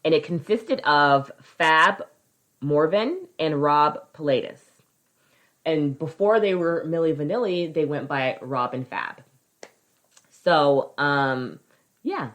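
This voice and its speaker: A woman's voice: sits low, slow. A woman co-hosting a podcast, telling a story in casual chat, swearing freely and acting out quoted voices.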